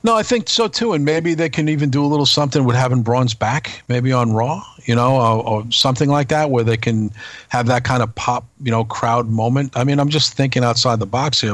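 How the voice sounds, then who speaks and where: A man's voice: mid-range voice, brisk, fairly bright tone, no echo. Rambling male podcast co-host, dry sound. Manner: rambling, asks many questions. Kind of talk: casual podcast chat.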